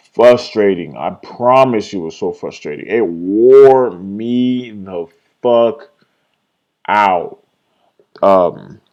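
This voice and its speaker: Rambling young man recapping his trades. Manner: rambling, self-critical, swears freely, trails off and restarts; quotes his own thoughts in an excited, higher voice. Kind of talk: casual screen-share trade recap.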